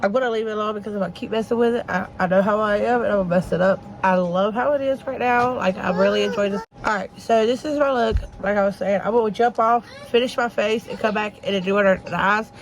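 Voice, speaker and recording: Doing her makeup at home with kids nearby, this woman talks directly to her audience in a chatty get-ready-with-me style. She speaks fast with few pauses in a mid-range voice, and the poor audio has slight background noise.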